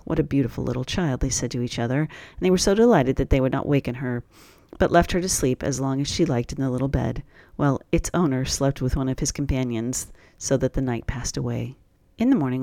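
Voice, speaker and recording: A man reading a classic fairy tale aloud in a steady, plain storytelling voice. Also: mid-range voice, no echo, clean studio sound.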